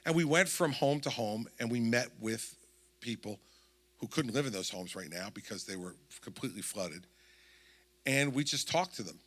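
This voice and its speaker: A man in his sixties with a New Jersey accent tells a long story to a town hall crowd. His voice is bright and forward, with a plain middle pitch, and he acts out each quoted line as he goes. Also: lively intonation, normal speed. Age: 60s. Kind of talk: anecdotal campaign speech.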